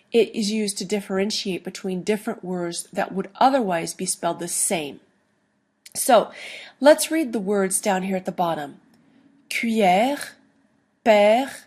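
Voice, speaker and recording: A woman teaching a recorded online lesson, explaining slowly and deliberately with playful asides. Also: mid-range voice, darkish tone. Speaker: language teacher.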